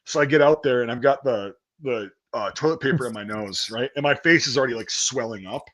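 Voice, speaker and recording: A young man with an ordinary mid-range voice, swearing freely as he tells a rambling story. He acts out the people in it, jumping higher and louder for quoted shouts, then dropping back into easy chat. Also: fairly quick. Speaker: podcast host.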